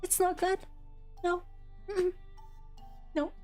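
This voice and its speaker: A woman's voice: very high-pitched, little pitch movement, slow pace, mellow, faint music behind. A young woman streamer chatting casually, rambling with lots of fillers and giggles, her nose a bit congested. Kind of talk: casual chat.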